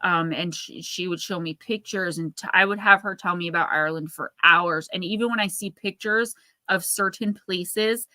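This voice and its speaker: A woman's voice: fairly low pitch, moderate pace, pushed and bright, no echo. A woman in her thirties hosting a casual livestream, rambling and chatty as she reads out viewer comments. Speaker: livestream host.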